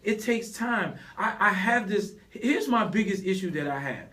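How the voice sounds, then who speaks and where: A man's voice: high-pitched, lively intonation, moderate pace, a bit bright, distant mic. A man talking passionately on a radio interview, often laughing as he speaks. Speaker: guest. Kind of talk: emotional radio interview talk.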